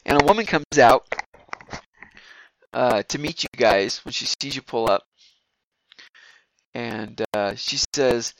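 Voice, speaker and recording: A man's voice: medium pitch, slow, pauses often, no room sound, rough recording. A man narrating as game master of a tabletop game, rambling with many fillers and restarts.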